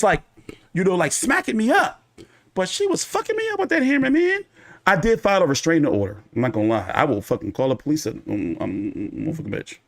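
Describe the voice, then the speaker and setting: Male host, fairly high voice, wildly swinging pitch, casual profane storytelling, boxing commentary. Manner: profane, rambling, animated storyteller.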